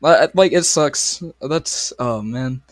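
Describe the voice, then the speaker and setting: Young male co-host, crude and animated storyteller, dead-dry recording. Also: medium pitch, takes it slowly, no room sound. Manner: crude, swears often, retells stories animatedly. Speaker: podcast co-host. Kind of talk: casual chat.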